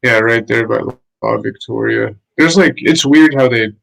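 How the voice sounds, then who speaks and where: A man's voice: medium pitch, moderate pace, vocal fry, a bit bright, low-quality recording. A man chatting casually on a home livestream, laid-back and chatty, leaning on "like" a lot. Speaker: guest streamer. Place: home, living in Lima. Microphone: streaming mic setup.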